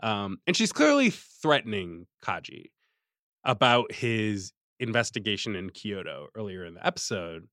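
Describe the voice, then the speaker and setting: A man co-hosting a podcast in casual chat, animated and laughing often, recapping episodes on a close mic. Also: medium pitch, clear, resonant tone, dry recording. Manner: animated, laughing, slips into quick character voices. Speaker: podcast co-host recapping an anime.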